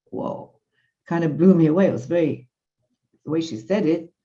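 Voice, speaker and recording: A woman lecturer with a low, mellow voice tells an animated story to a class. She speaks conversationally and quotes the people she talks about. The recording is dull and lo-fi. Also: normal speed. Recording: muffled lo-fi audio.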